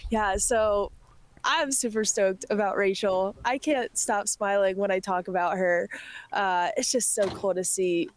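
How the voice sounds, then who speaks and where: A woman's voice: medium pitch, steady tone, unhurried. Upbeat woman reporting from a race. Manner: upbeat, laughs easily. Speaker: livestream reporter at the course. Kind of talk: casual on-course interview.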